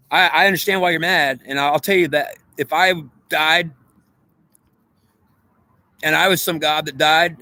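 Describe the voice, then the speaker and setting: Man, rambling spiritual monologue, repeats himself, asks if you understand, bright edgy tone. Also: fairly high pitch, no echo, low-quality recording. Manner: frequent restarts and stammered repeats.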